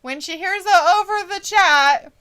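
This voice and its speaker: A woman's voice: very high voice, a little slow, sharp tone. A woman from Idaho co-hosting a wrestling watch-along stream, chatting casually, reading out the live chat and laughing often.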